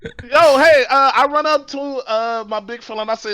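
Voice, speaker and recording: A man's voice: very high-pitched, normal speed, sharp tone, clean tone. A man playing a tabletop game who chats in a hyped, playful way and slips in and out of his character. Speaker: player.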